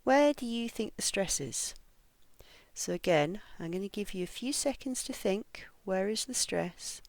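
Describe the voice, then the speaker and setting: A woman teaching English pronunciation in an online lesson. She explains each point and reads model phrases with slow, careful, over-articulated stress. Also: mid-range voice, expressive, darkish tone, dry recording.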